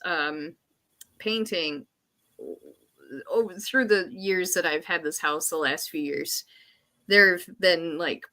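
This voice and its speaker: Bright-voiced woman telling a story. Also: fairly low pitch. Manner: animated storyteller who acts out her own panic. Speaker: podcast co-host. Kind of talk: casual chat.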